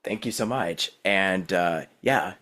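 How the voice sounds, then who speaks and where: A man's voice: deep voice, slow, pushed and bright, a little hiss or hum. A man hosting a podcast, talking in a laid-back, casual way with upbeat sign-offs. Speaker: podcast host. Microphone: remote call recording.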